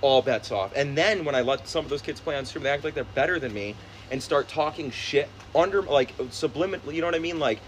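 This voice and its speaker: A young man chats with friends, his voice sitting a little higher than most. He tells stories in a loose, profane way, full of energy. A faint hiss of noise runs under the talk. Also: quick pace, low-quality recording. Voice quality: profane, animated storytelling. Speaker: streamer. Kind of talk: casual chat among friends.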